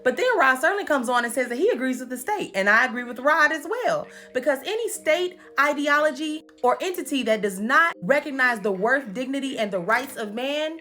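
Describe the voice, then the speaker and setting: A woman tells a comedic recap in a sassy, animated voice that is high and swings widely in pitch. Her tone is bright and sharp, and she drops swearing asides. Faint music runs underneath. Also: a little fast, hardly any pauses.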